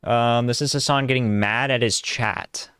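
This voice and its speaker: A man's voice: mid-range voice, fairly even intonation, moderate pace, fairly bright tone, clean tone, dry recording, studio quality. A man co-hosting casual reaction commentary, sarcastic and mocking, using "like" a lot. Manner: sarcastic, mocking, heavy use of "like". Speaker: co-host.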